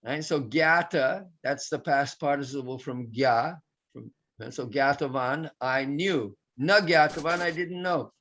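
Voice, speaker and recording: A man's voice: on the high side, unhurried, fairly bright tone, muffled recording. A man teaching a Sanskrit class, patiently explaining grammar with many restarts and fillers.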